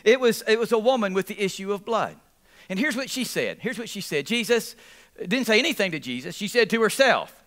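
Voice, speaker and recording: A man's voice: high-pitched, a little fast. A man preaching a sermon as pastor, repeating phrases and calling on the congregation for responses. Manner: repetitive, animated preaching with audience call-outs.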